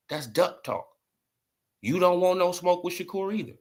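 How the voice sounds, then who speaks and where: A man's voice: a little high, animated, measured pace, pauses often, a little mellow, slightly rough. A man giving casual boxing commentary in an emphatic, repetitive, slangy way.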